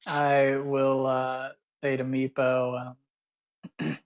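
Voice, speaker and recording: A man playing in a tabletop game, speaking in an earnest, halting way. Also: medium pitch, completely flat delivery, lo-fi sound. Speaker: player. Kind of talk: tabletop role-play.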